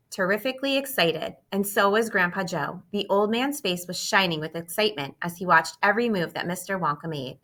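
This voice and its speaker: A woman narrating a children's storybook in an expressive, steady reading voice. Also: lowish voice. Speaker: audiobook reader.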